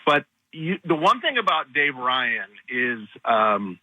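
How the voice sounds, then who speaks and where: A man's voice: mid-range voice, sing-song, takes it slowly, no echo, phone-quality sound. A man calling into a radio show as a former manager, blunt and coach-like in how he talks. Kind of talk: phone-in chat.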